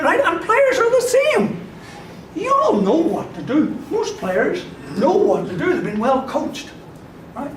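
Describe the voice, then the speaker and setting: A man giving a lively motivational sports psychology talk to a live audience, laughing often, acting out quoted voices and checking in with "right?". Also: extremely high pitch, a little hiss or hum. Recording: echoey hall, miked from far off.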